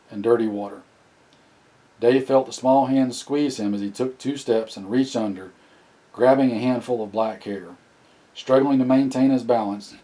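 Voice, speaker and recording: A man narrating an audiobook in a plain, steady reading with occasional restarts. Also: mid-range voice, poor audio. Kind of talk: scripted narration.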